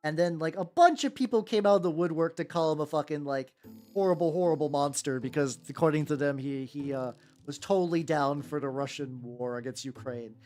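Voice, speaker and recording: A woman hosting a casual live stream while painting miniatures, rambling and swearing freely, with soft music behind her. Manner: rambling, swears casually, quick pitch jumps when quoting people. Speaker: vtuber host painting miniatures. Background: soft background music.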